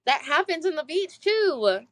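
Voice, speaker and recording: A woman's voice: high voice, no echo, low-quality recording. A woman cohosting a podcast, chatting casually and rambling with lots of filler words. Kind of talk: casual chat.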